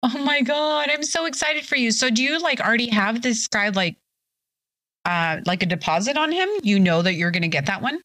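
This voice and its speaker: A woman's voice: a little high, animated, normal speed, a bit bright, no echo. A young woman streaming live, a little tipsy, chatting casually and bubbly as she reads her chat aloud.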